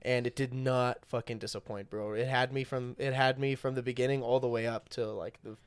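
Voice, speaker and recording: A man's voice: mid-range voice, fairly even intonation, brisk, smooth, no echo. A young man co-hosting a podcast in casual chat, swearing often and filling his talk with "like" and "dude". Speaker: podcast co-host.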